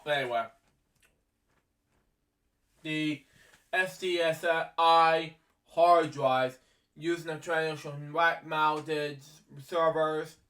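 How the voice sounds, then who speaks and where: Halting young man reading aloud slowly. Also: a little high, fairly bright tone. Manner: stumbling reader, many ums, frequent apologies for misspeaking. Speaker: amateur video maker reading facts aloud. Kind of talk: halting read-aloud narration. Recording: voice from a distance from the mic.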